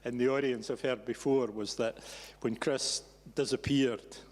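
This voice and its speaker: A man's voice: medium pitch, normal speed. Teasing man in a reverberant hall. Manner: teasing, animated storyteller. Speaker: event host. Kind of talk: storytelling to a live audience. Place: event venue with an audience.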